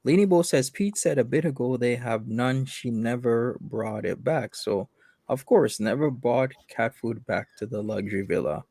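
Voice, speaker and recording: A man's voice: medium pitch, normal speed, creaky, mellow, breathy edge, no room sound, clean studio sound. A man hosting a casual commentary chat, wry, reading viewer comments aloud. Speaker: host.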